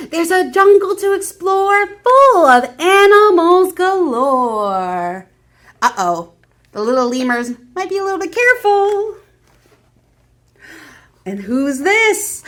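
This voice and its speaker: A woman leads a children's story hour with a high, animated voice that swoops all over the place. She takes her time, gasping and squawking along with the animals, and keeps inviting the little ones to join in. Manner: animated, with gasps and animal sound effects; addresses children, prompts them to join in. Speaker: children's librarian. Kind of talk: reading picture books aloud at story time.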